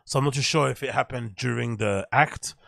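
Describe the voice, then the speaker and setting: A man's voice: medium pitch, brisk, creaky, fairly bright tone, no echo, studio quality. A man hosting a podcast, giving rambling, blunt commentary while clicking through pictures. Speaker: podcast host. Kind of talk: casual commentary on a screen grid.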